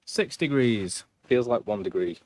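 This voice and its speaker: A man's voice: mid-range voice, lively intonation, unhurried, a little mellow, no room sound. A man streaming a video game, chatting casually in a rambling, self-mocking way. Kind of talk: casual live-stream chat.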